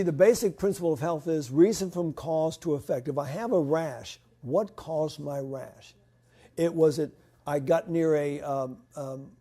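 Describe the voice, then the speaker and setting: A man's voice: on the high side, warm tone. A man giving health advice as he answers audience questions, practical and loose, often stopping to restart a sentence. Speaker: health lecturer.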